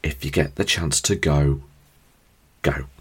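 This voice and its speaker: A man hosting his own podcast, telling rambling, self-deprecating stories in a chatty, animated way. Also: very deep voice, takes it slowly, husky. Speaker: podcast host. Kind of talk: casual storytelling monologue.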